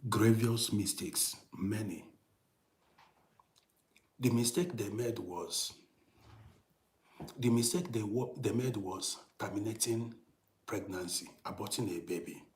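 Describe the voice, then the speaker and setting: A middle-aged man telling a personal story in a casual monologue, dropping to hushed whispers and rising to loud, emphatic bursts, often repeating and restarting phrases. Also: on the low side, takes it slowly, pauses often, reverberant. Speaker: storytelling channel host.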